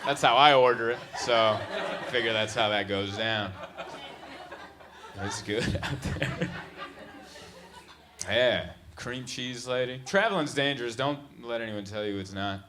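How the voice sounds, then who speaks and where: A man in his thirties doing stand-up in a club, telling stories in an animated, exasperated way on a handheld mic. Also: mid-range voice, a little slow, long pauses. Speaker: stand-up comedian. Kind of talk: stand-up comedy storytelling. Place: comedy club stage. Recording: live club recording with background noise.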